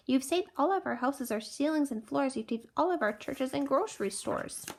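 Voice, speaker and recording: A woman's voice: high-pitched, expressive, normal speed, voice pushed up. A woman voicing a tiny, cheerful male town mayor with an eager, piping manner, in a storybook reading.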